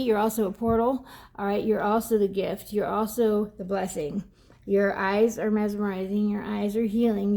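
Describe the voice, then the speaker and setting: A woman's voice: medium pitch, dark tone. A woman giving a casual, rambling oracle card reading, teary at times and often drifting off mic.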